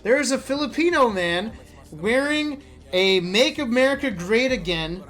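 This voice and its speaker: High-voiced man telling wild stories. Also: unhurried. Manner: animated, profane, laughing storyteller. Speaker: esports player vlogger. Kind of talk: casual storytelling monologue.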